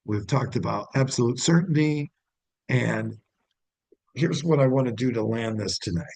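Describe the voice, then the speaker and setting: A middle-aged male sales trainer with a gravelly, husky voice, heard close and dry. He teaches in a conversational way and breaks into bright, friendly phone greetings as examples. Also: mid-range voice, normal speed, no room sound, low-quality recording. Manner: demonstrates phone greetings in an upbeat voice.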